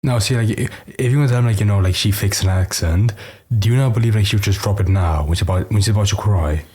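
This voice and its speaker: A British man with a very low, dark voice co-hosts a reaction commentary. He sounds hoarse and husky and talks bluntly, with lots of casual fillers. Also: quick pace. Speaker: co-host.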